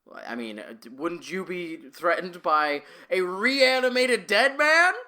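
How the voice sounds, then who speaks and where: A man's voice: sits high, expressive, a little slow, bright, forceful tone. A man co-hosting a podcast, casually recapping a cartoon in a wry, playful, amused way. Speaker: podcast co-host.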